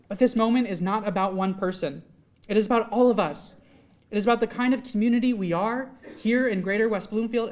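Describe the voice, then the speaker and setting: A man's voice: high-pitched, darkish tone. A young man from Michigan giving a heartfelt, formal speech at a swearing-in ceremony before a live audience in a large hall. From Michigan, USA. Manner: earnest, heartfelt delivery with long lists of thanks. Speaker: newly elected state legislator.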